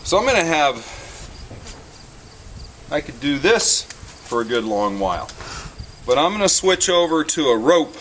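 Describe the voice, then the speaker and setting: A man working as a horse trainer, explaining each step calmly and soothing the animal with repeated praise as he works in an outdoor pen. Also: on the high side, a little slow, long pauses, distant mic, rough recording. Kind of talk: instructional commentary while working. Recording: outdoors with loud insect noise.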